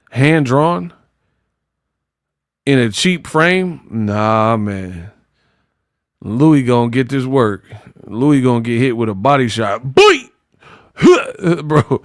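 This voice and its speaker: Mocking man with a dry voice. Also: dry recording. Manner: animated, mocking impressions in a high voice. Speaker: boxing commentary host. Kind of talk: casual reaction commentary.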